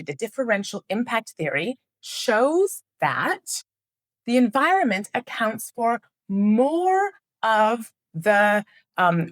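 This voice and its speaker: A middle-aged woman teaches a flip chart lesson straight to camera. She talks in an earnest, animated way and keeps checking in with her listeners, her voice sitting in a middle pitch. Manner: earnest, animated explainer with frequent rhetorical checks. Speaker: educator and trauma researcher.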